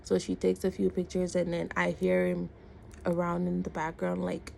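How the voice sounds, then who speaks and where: A woman's voice: on the low side, moderate pace, vocal fry, slight background noise. A woman vlogger animatedly retelling a story in casual storytime style, acting out the dialogue. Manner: animated retelling with quoted dialogue and repeated words.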